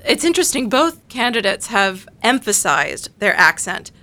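Bright-voiced woman on a podcast panel, laying out her analysis calm and careful. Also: medium pitch. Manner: analytical, measured explanation.

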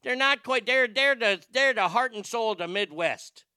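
Brief: man doing a brash Chicago-accented sports fan, loud and boastful, high and bright. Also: lively intonation, moderate pace, smooth, no echo, studio quality, exaggerated voice. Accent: Chicago, put on.

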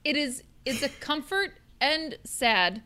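A woman's voice: high-pitched, slight background noise. A woman from suburban Minneapolis co-hosting a casual chat, retelling stories dramatically. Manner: lively, dramatic retelling, quick laughs. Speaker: podcast co-host.

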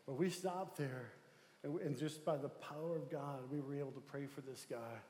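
A man who is a pastor, telling a story in a sermon, swinging between loud excitement and hushed tones. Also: on the high side, moderate pace, echoey room, big-room sound. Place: church sanctuary.

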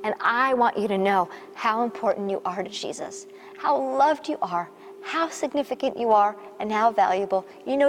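A woman's voice: medium pitch, a little hiss or hum. Fervent woman pastor preaching and praying. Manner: fervent preaching with rising, emphatic repetitions; soft, coaxing asides addressing listeners directly. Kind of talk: sermon and prayer to a women's online gathering. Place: recorded remotely, not in person with the audience.

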